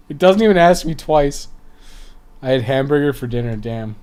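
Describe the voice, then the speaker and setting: A man's voice: fairly high pitch, fairly even intonation, a little fast, dark tone. Swearing man streaming a game. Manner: swears often, reads game text aloud. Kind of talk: live game commentary.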